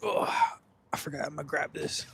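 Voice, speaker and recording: A man chatting casually outdoors in the cold, easygoing and quick to laugh. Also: fairly high pitch, wildly swooping pitch, creaky. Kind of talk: casual chat. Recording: noisy outdoor recording.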